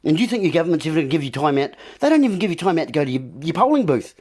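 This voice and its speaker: A man's voice: on the high side, sing-song, rapid-fire, darkish tone. A man hosting a political monologue, ranting and repeating himself as he keeps addressing his listeners as folks. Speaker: video host.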